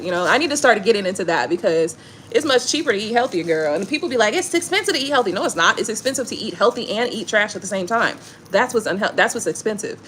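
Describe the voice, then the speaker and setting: A woman's voice: medium pitch, slight background noise. A woman, chatting casually to viewers on a live stream, telling stories with lots of swearing and laughter. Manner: animated storytelling, swearing, frequent laughter. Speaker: tarot reader hosting a live stream.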